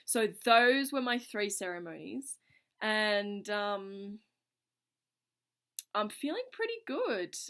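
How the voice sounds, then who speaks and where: A woman's voice: mid-range voice, very animated, slow, pauses often, a bit bright, clean tone. A woman with a mid-range voice talks straight to her viewers, recounting something personal. She is earnest and reflective, and her sentences spill forward loosely, strung together with casual fillers. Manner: reflective, earnest, speaks in loose run-on phrases with frequent "like". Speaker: vlogger. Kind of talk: casual personal storytelling to camera.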